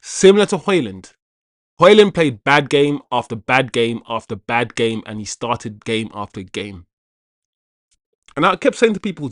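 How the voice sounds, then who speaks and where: Unhurried and sing-song, the medium-pitched, fairly bright voice comes through clean studio audio without echo. The man hosts a football watch-along stream live, chatting casually, repeating himself and welcoming viewers by name.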